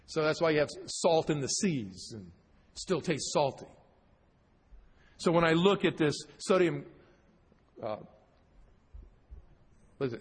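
A male pastor preaching a sermon, reading scripture slowly and with emphasis, with joking asides to the congregation. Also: a little high, big pitch swings, vocal fry, breathy edge. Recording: long hall reverb.

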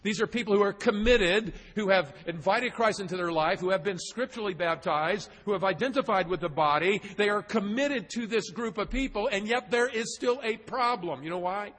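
A pastor with a high, slightly bright and husky voice preaches a verse-by-verse sermon at normal speed, hardly pausing. He drives his points home through emphatic repetition in expository style. The recording carries a long hall reverb.

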